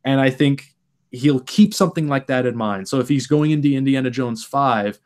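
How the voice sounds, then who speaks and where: A young man hosting a casual film podcast, thinking out loud in long stretches and acting out imagined quotes. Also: mid-range voice, moderate pace. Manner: thoughtful, talks in long stretches, acts out quotes. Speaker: podcast host.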